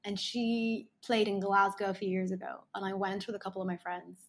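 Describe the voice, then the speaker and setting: A woman in her thirties, chatting casually on a podcast and telling animated stories full of fillers and restarts. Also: medium pitch, fairly quick. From Ireland.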